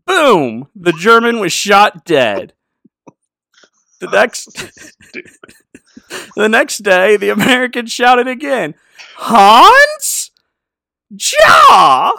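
A man hosting a comedy show, chatting and telling jokes in a playful, animated way. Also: high-pitched, slow pace, vocal fry, pauses often, dry recording, clean studio sound. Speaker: podcast host. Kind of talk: comedic chat and joke telling.

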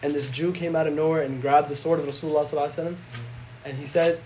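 Male imam, casual classroom lecture, high and fast, slangy, quick recitations. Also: fairly even intonation, a little mellow, slight background noise. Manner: conversational, slangy, recites Arabic verses rapidly.

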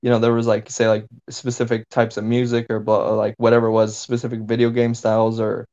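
Speaking fast in a low, mellow monotone, this man hosts a podcast in a relaxed, chatty way. Casual swearing and frequent "you know" fillers run through his talk, and the recording has a dull, lo-fi quality.

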